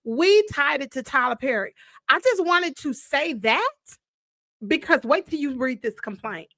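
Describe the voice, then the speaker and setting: A woman hosting a casual live-stream chat. She talks straight to her viewers with drawn-out exclamations and emphatic repeats. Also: high voice, lively intonation, a bit bright, no echo, studio quality. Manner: chatty, addresses viewers directly and calls them girl and y'all. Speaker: host of a live gossip stream.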